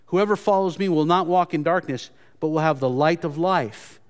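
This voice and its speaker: A pastor delivering an earnest sermon in a fairly high voice, repeating key phrases for emphasis. His words trail off into a long reverb, as in a church sanctuary. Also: normal speed, clean tone. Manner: earnest, repetitive restarts, emphatic.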